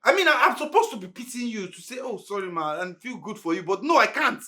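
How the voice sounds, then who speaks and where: A man's voice: sits high, sing-song, fast, heavily acted. An actor with a Nigerian accent playing a proud young driver who lectures his boss bluntly. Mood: shouting. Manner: lecturing, scolding loudly. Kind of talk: Nollywood film acting.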